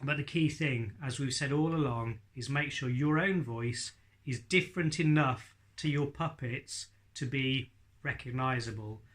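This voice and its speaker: A man's voice: mid-range voice, a little slow, a bit bright. A man teaching ventriloquism in a chatty, light-hearted way. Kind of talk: instructional talk to camera.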